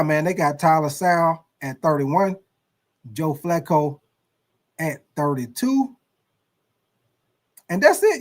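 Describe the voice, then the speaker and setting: A man hosting a sports talk livestream, ranking players in a slangy, animated storytelling style full of curses. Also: high voice. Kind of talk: casual sports commentary.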